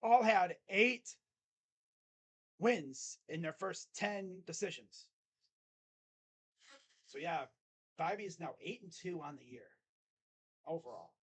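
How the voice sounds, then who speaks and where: A man's voice: high-pitched, slow pace, pauses often, husky. Chatty man hosting a sports stream. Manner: chatty and excitable, talking straight to viewers. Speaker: host of a live sports reaction stream. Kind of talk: casual live play-by-play reaction stream.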